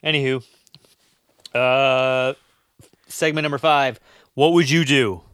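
A man's voice: mid-range voice, steady tone, slow, a bit bright, clear, resonant tone, dry recording, studio quality. A man co-hosting a podcast, chatting casually about a horror movie, rambling with stammers and restarts. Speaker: podcast co-host.

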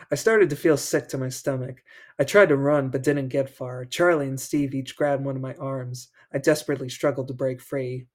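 A man's voice: medium pitch, fairly even intonation, normal speed. A man hosting a podcast, reading a children's horror book aloud and breaking off for joking asides, laughing between passages. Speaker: podcast host.

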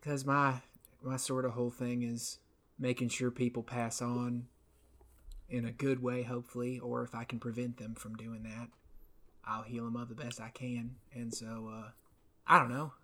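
A man's voice: medium pitch, flat delivery, moderate pace, fairly bright tone. A man plays a tabletop role-playing game and quizzes another character. His voice sits in a middle range, and his manner is curious and joking. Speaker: player. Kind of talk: casual tabletop role-play.

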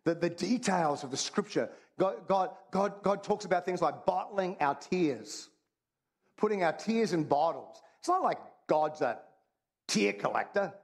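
A man's voice: high voice, lively intonation, unhurried. A man preaching a sermon, talking in a conversational, humorous way and repeating his phrases for emphasis. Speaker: pastor.

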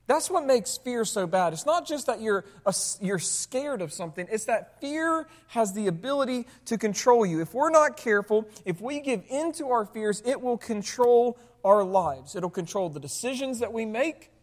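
Predigt mit langem Kirchenhall. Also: mid-range voice. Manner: rhetorical questions to the congregation, with sarcastic asides. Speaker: pastor. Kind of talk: sermon. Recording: long hall reverb.

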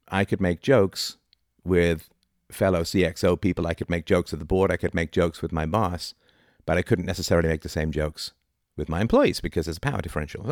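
A man's voice: low-pitched, no echo, studio quality. A middle-aged man giving an informal, argumentative philosophy talk, often tossing in rhetorical "right?" asides. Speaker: philosophy lecturer.

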